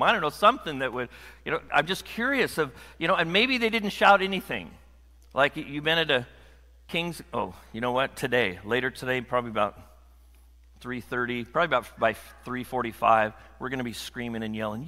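Bright-voiced preacher in a reverberant hall. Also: male voice, medium pitch, brisk. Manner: conversational, animated, jokes with the congregation. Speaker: pastor. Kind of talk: sermon. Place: church sanctuary.

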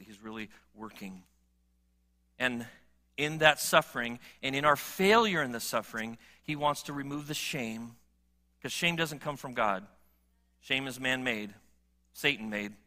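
Bright-voiced man preaching a sermon. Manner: earnest, rising to emphatic appeals then dropping low. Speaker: pastor.

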